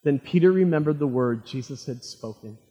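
A man preaching a sermon, retelling a story dramatically and swinging from loud, fervent lines to hushed ones. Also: medium pitch, expressive, normal speed, highs cut off. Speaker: pastor. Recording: long hall reverb.

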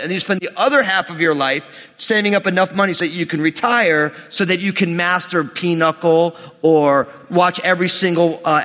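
Male pastor, high voice, animated sermon delivery with humorous asides, long hall reverb. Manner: animated, rising to shouts and dropping to near whispers.

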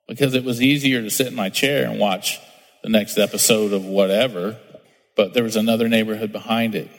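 A man's voice: fairly low pitch, brisk. A male pastor preaching a sermon in a chatty, storytelling way. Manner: conversational preaching, acts out little scenes. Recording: long hall reverb, soft music underneath.

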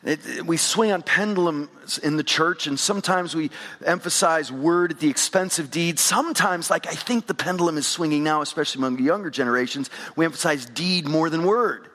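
A man's voice: fairly high pitch, a little fast, bright, forceful tone. A man preaching a sermon as pastor, engaging his congregation directly with questions. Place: church sanctuary with congregation. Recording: long reverb of a large hall.

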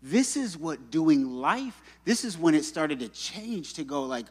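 Lively male preacher in a reverberant hall. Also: fairly high pitch, unhurried, breathy edge. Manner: animated storytelling with acted-out quotes. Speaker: pastor. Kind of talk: sermon. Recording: long reverb of a church hall.

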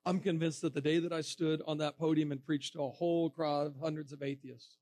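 Man, evangelist, high voice, dry close sound, animated storytelling sermon. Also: a little fast, no room sound. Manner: animated storytelling with acted quotes and laughter. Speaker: evangelist speaking to students.

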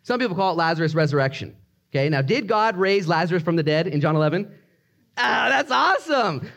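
Animated, conversational male preacher. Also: on the high side, fast. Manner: animated, conversational, swinging between loud and hushed. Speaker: pastor. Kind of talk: sermon.

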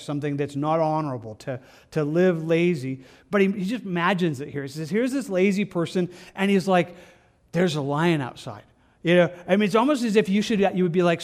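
A man teaching through Bible verses in a loose, conversational way, often restarting his sentences. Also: a little high. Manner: conversational, halting with frequent restarts and fillers. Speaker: pastor.

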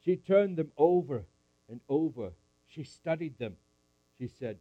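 A man's voice: on the high side, lively intonation, a little slow, long pauses, dry recording, lo-fi sound. A man at a camp meeting, telling a Bible story in character in the first person and calling up audience volunteers. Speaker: camp speaker.

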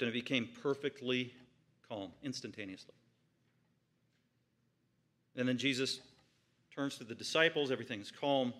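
A man's voice: mid-range voice, sharp tone. A man preaching an expository sermon in church, reading scripture aloud and then explaining it with rising emphasis. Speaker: pastor.

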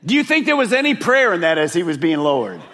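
Animated male preacher in a reverberant hall. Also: high voice, fast talker. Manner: animated preaching, drops to a hush for emphasis; addresses the congregation directly. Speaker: pastor. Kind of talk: sermon. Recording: long reverb of a large hall.

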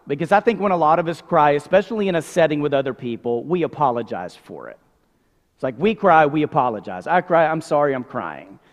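A man in his forties preaching a sermon, conversational with many asides, dropping soft and low when reading scripture. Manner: conversational, frequent "like", softens to near whisper on scripture. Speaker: pastor. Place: church sanctuary. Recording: long hall reverb.

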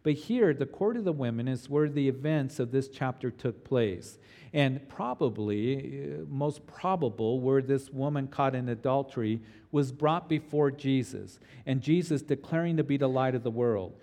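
A man's voice: mid-range voice, expressive, normal speed, warm tone, long reverb tail. A middle-aged man preaching an expository sermon as a pastor, earnest and emphatic, often restarting his phrases as he teaches.

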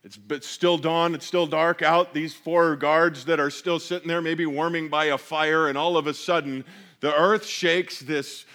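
Man preaching, slightly high voice. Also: fairly even intonation, measured pace, a bit bright. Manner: expository preaching, reads scripture aloud then explains it. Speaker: pastor. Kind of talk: sermon.

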